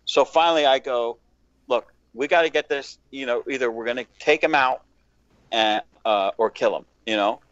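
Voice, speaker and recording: A man's voice: medium pitch, normal speed, dry recording. Man telling a rowdy yard story. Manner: profane, animated storyteller, acts out quotes. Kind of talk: casual chat, storytelling. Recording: dull lo-fi dry sound.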